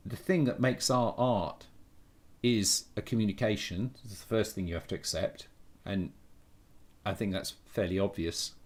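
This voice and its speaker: A man talking casually on a live stream, thinking aloud with many restarts and blunt opinions. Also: lowish voice. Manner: thinks aloud, frequent restarts and self-corrections.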